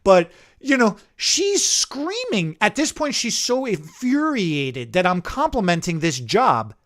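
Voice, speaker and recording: High-voiced man telling a salon story. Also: slow pace. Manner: animated anecdote telling, acting out quotes. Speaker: salon owner and stylist. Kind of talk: casual chat, storytelling.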